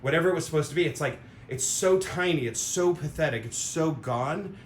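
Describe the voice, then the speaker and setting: Rambling man in an echoey room. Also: a little fast. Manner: rambling, animated, fillers, sound effects. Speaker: vlogger. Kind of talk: casual opinion monologue. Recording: roomy echo with faint rumble.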